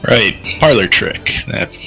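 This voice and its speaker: A man's voice: on the low side, animated, slow pace, gravelly, bright, forceful tone, faint music behind, poor audio. A man playing a tabletop game, making wry, dry remarks. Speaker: player. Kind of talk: casual chat.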